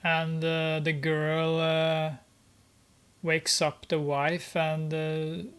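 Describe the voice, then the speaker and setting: A gamer narrates gameplay slowly, with many hesitations and amused exclamations. The pitch stays flat and level. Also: clean tone. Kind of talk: gameplay commentary.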